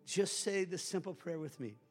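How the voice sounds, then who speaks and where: Pastor guy preaching, kinda high voice, soft music underneath, leads a prayer line by line, loud then quiet. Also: expressive, normal speed, long reverb tail. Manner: alternates loud exhortation with quiet pleading. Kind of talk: sermon with altar-call prayer.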